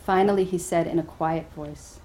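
A woman meditation teacher giving a dharma talk and telling a story in a gentle, hesitant way, with easy laughter. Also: lowish voice, fairly even intonation, normal speed, slight background noise, poor audio.

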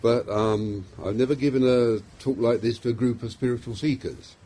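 A man's voice: medium pitch, fairly even intonation, normal speed, mellow. A middle-aged man with a London accent, a psychiatrist giving an informal, self-deprecating talk to a small group, full of fillers and restarts. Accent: London English.

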